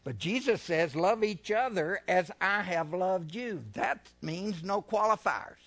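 Fervent, gravelly preaching man. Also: high voice, lively intonation. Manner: fervent preaching, slows and swells louder when reading scripture; asks the congregation questions, repeats phrases. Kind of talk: sermon.

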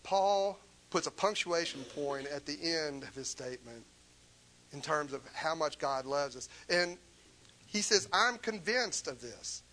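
An impassioned male preacher delivering a sermon. His voice sits a little high and rings bright and forceful. He drives his points home with emphatic rhetorical questions. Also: animated, a little slow, slight background noise, low-quality recording.

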